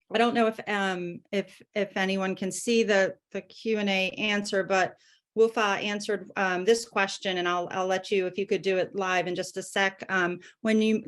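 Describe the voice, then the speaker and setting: A woman hosts an online webinar over a video call. She talks casually and fills her pauses with ums. Her pitch sits in the middle range. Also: fairly bright tone. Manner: casual, many fillers. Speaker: webinar moderator.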